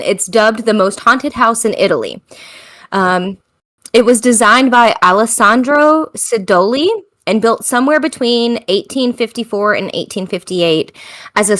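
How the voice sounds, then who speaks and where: A woman's voice: medium pitch, moderate pace, fairly bright tone. An American woman hosting a podcast in casual chat, tired, chatty and self-mocking, laughing often. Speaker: podcast host.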